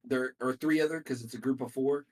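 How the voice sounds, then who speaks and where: A man's voice: mid-range voice, fairly even intonation, brisk, a little mellow, recorded from a distance. A man co-hosting a podcast in casual chat, rambling with hesitant restarts. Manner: rambling, hesitant, repeats words. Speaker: podcast co-host.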